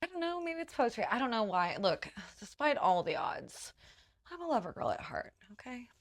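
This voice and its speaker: A woman's voice: a little high, very animated, moderate pace. A woman hosting a comedic monologue, riffing playfully with jokey asides that sometimes drop to a whisper. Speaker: host.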